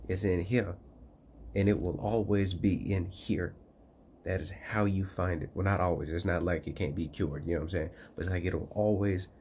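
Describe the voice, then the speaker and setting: A man's voice: deep voice, vocal fry, darkish tone, a little hiss or hum. A man with a Southern accent giving an emphatic, slangy spiritual talk, often checking in with his listener. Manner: emphatic, slangy, asks 'you feel me' often. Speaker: vlogger. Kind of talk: casual spiritual vlog talk.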